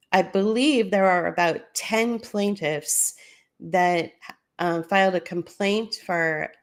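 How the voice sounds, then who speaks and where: A woman hosting a solo commentary podcast, talking casually as she walks listeners through documents on screen. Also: lowish voice. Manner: conversational, explaining documents on screen. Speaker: podcast host.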